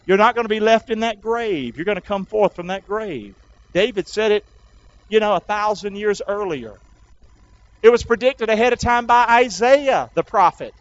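A man's voice: high voice, normal speed, lo-fi sound. A man preaching an Easter sermon, urging the congregation to repeat after him. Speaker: pastor.

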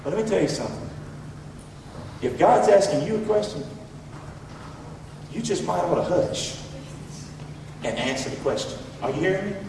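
A man with a Southern accent preaching a sermon in a folksy way, swinging between loud shouts and low asides. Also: animated, moderate pace, vocal fry, pauses often, a little hiss or hum. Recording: echoey hall, voice from far off.

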